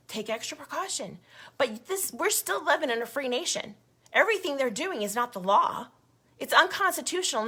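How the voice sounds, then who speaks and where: Her voice is a little high, pushed and bright, with a slightly rough edge. As leader of a grassroots group, she delivers an impassioned, indignant video update to followers, emphatic and prone to saying things more than once.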